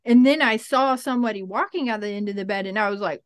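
A woman's voice: mid-range voice, fast talker, few pauses, dry recording, clean studio sound. Frank, profane woman telling a story. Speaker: interview guest. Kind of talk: casual storytelling.

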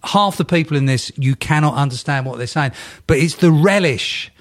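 A man's voice: mid-range voice, a little fast, few pauses. A man hosting a casual football podcast, rambling and often restarting his sentences.

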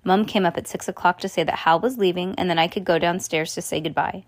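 A woman reading a children's novel aloud in the first person, pausing to explain bits to a listener. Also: on the low side, dry recording, studio quality. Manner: expressive, stops to explain to a listener. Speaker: storyteller.

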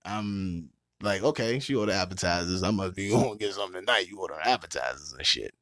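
A man hosting a podcast, telling a story in a casual, animated way and laughing often. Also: low voice, fast, no echo, clean studio sound. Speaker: podcast host.

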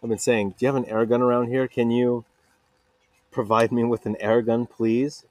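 Here a man with a mid-range, darkish voice speaks at a moderate pace with flat delivery, and the recording is dry. It's his solo podcast, taped in a makeshift home vocal booth, where he drifts through a casual, self-mocking monologue. Quoting others, he slips into exaggerated voices and keeps digressing.

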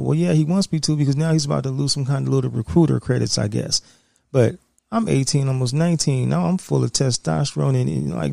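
A man with a gravelly, somewhat high but mellow voice tells a personal story in a casual, streetwise way. He swears freely and acts out the scenes with lively energy. The recording is dry and close. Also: fast, no room sound. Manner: profane, streetwise, animated.

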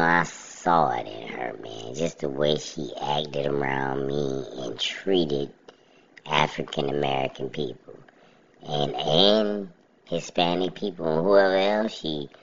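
Gravelly, very deep-voiced man. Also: lo-fi sound. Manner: blunt, colloquial, laughing asides. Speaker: podcast host. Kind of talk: casual storytelling monologue.

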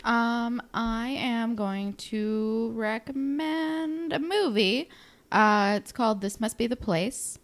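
A young woman co-hosts a casual podcast with a slightly high voice. She talks quickly and laughs easily. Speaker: podcast co-host. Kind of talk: casual chat.

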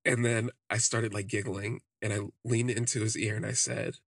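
Gravelly low-voiced man telling a personal story. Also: flat delivery, moderate pace, few pauses, no echo, studio quality. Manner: rambling, with frequent "like" fillers. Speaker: podcast host.

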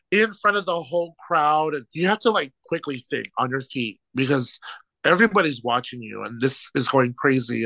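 A man who works as a drag show host, a guest on a podcast telling stories in an animated, laughing way and acting out quotes. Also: on the high side, gravelly, dry recording, low-quality recording. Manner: animated, laughs through stories, quotes people in lively voices. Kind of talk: casual storytelling chat.

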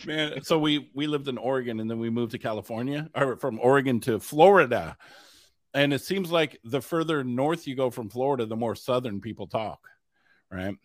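A male host in casual chat, relaxed and prodding his guests to perform. His voice sits mid-pitch. The recording is dry and close with no room sound. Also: moderate pace, no room sound. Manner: relaxed, prompting.

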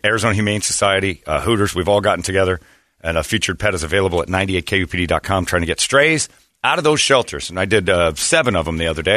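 A man's voice: low-pitched, pushed and bright, dry recording, studio quality. A man hosting a morning radio show, chatting casually and rambling through jokes and ads. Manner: rambling, joking, self-correcting.

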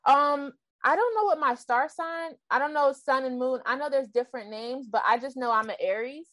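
A woman's voice: sits high, moderate pace, a bit bright, no echo, clean studio sound. A woman hosting a podcast, chatting casually with her guest and laughing easily. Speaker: podcast host. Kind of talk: casual interview chat.

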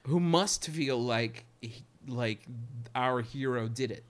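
A man hosting a casual podcast chat, talking emphatically and swearing freely, his pitch climbing when he gets worked up. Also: slow pace. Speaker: podcast host.

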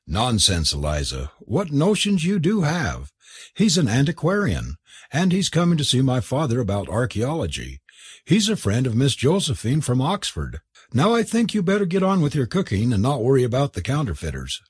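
A man voicing a brisk, stern young lady of the house who talks in a crisp, commanding way. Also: medium pitch, wildly swooping pitch, no echo, clean studio sound, voice pushed up, heavily acted. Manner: crisp, commanding, faintly amused.

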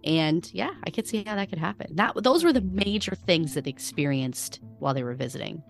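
A woman's voice: low voice, a little fast, creaky, soft background music. An American woman co-hosting a podcast, chatting casually and acting out the quotes in her stories. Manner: animated storytelling, acts out quotes. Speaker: podcast co-host. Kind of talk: casual chat.

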